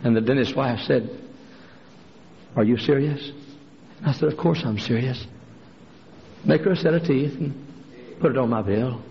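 A man preaches a fiery sermon from the pulpit, his voice gravelly and worn. It sounds dull and lo-fi, with a long hall reverb and faint noise behind it. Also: normal speed, pauses often. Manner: fiery preacher, jumps to a high strained voice for quoted women. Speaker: pastor. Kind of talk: sermon with acted-out stories. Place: large church.

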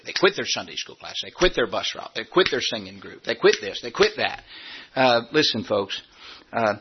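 A man preaching a sermon as a pastor, emphatic, repeating his points and slowing down to stress them. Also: medium pitch, slightly rough, highs cut off. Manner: emphatic, repeats phrases, slows down for key points.

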